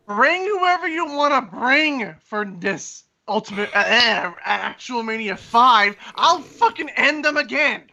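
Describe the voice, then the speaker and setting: A man's voice: very high voice, lively intonation, measured pace, vocal fry, hardly any pauses, sharp tone. A man on a podcast doing mock wrestling-promo trash talk and swearing in comedic banter.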